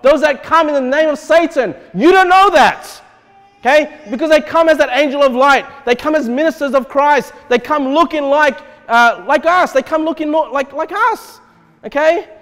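A male pastor preaching an expository sermon in an animated way, often checking in with the congregation. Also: very high voice, normal speed, big-room sound. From Australia. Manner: animated, repeatedly checks in with "okay?". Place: church.

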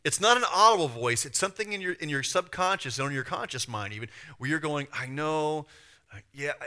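A man preaching a sermon as pastor, lively and acting out the voices he quotes. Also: medium pitch. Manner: animated, acts out voices and quotes. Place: church.

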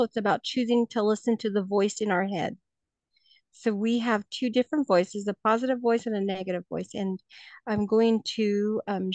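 A woman's voice: medium pitch, dry recording. Hesitant woman teacher presenting a lesson. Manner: hesitant, many fillers and restarts.

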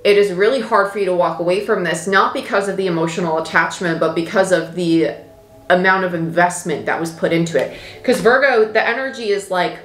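A woman's voice: medium pitch, fairly quick, fairly bright tone, reverberant, soft background music. A woman giving a casual tarot reading, talking in an emphatic, repetitive, chatty way. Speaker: tarot reader.

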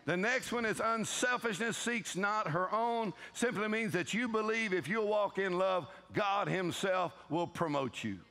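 A man's voice: high-pitched, a little slow, few pauses, pushed and bright. A male pastor, preaching a humorous sermon and telling stories with playful voices and laughter.

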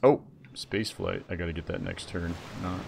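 A young man giving casual, chatty commentary while he plays a strategy game and talks to his viewers, often getting excited. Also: deep voice, moderate pace, creaky, noisy background. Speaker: gaming streamer. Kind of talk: casual live gameplay commentary.

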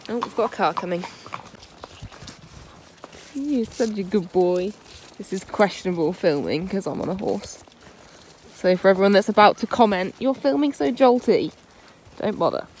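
A woman's voice: medium pitch, animated, normal speed, pauses often, darkish tone. A woman vlogging casually from horseback on a country track, chatting and praising her pony. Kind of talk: casual vlog narration. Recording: noisy outdoor phone recording.

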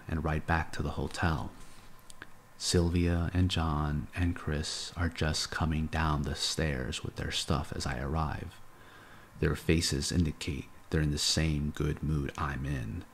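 A man reading a novel aloud as a live audiobook narrator, in a measured, unhurried way. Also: rumbling low, gravelly, slight background noise.

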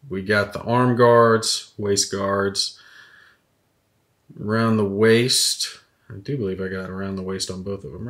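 Lower voiced guy painting minis, rambles, cusses a lot. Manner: swears freely, rambling storyteller. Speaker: miniature painting vlogger. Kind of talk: casual rambling hobby chat.

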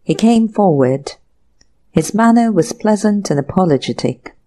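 Woman, audiobook narrator, slow measured reading, mellow tone, mystery tale. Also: medium pitch, lively intonation. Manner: unhurried, acting out each character's lines. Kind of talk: scripted narration.

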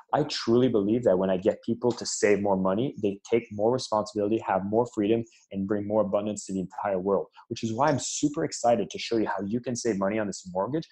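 Low-voiced guy on a podcast, keen and animated, telling sales stories. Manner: enthusiastic, animated storytelling. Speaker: sales and marketing leader, guest. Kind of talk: conversational podcast interview.

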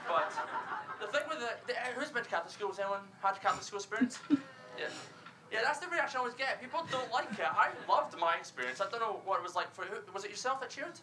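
A man's voice: sits high, animated, fast talker, bright, forceful tone, slight background noise, rough recording. An actor playing a young stand-up comedian from Glasgow, with a Scottish accent, chatting and laughing through his set. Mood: chatty. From Scotland.

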